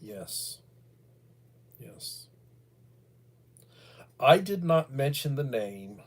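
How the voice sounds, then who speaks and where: Middle-aged us guy hosting a livestream, wanders off topic, um and you know everywhere, mid pitch. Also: animated, very slow, pauses often, a little mellow, a little hiss or hum. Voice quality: bald. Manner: meandering, many fillers and restarts. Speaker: livestream host. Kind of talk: casual rambling commentary.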